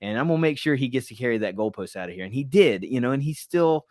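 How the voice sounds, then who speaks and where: Middle-aged host, relaxed rambling interviewer, dry close sound. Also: male voice, medium pitch, fast talker, no echo. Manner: friendly, rambling questions, laughs easily. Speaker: podcast host. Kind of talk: casual podcast interview.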